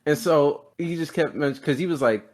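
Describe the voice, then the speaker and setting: A man's voice: fairly high pitch, fairly quick, a little mellow. A young man hosting a casual music podcast, telling a story animatedly and quoting his dad with lots of laughter. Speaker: podcast host. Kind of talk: casual chat.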